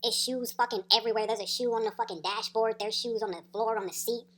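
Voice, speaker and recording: A woman's voice: on the high side, fairly even intonation, fast talker. A woman telling a story in a casual, slangy, profane way, laughing as she goes. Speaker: storyteller vlogger.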